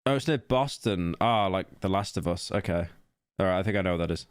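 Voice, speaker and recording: Sex: man. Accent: British. Role: streamer reacting to a video. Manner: rambling, stammering restarts, animated. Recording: dry, close desk mic. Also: deep voice, fairly quick, clean tone, no echo. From England. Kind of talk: casual reaction commentary.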